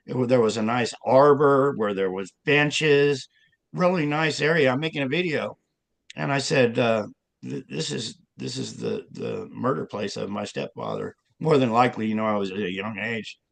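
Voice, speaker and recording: A man's voice: mid-range voice, creaky. A man talking as an interview guest and author, rambling along with many fillers and restarts. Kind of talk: casual interview talk.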